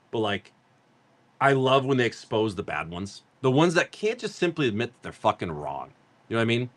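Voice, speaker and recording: A man's voice: fairly low pitch, fairly bright tone. A middle-aged man from Massachusetts chatting casually on a live stream as a card seller, telling rambling, profane stories and laughing often.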